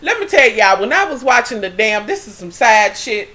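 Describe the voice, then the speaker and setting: A woman's voice: on the high side, sing-song, moderate pace, sharp tone. A woman vlogging casually to her viewers, chatty and rambling, often trailing off and calling them y'all. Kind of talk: casual chat to camera.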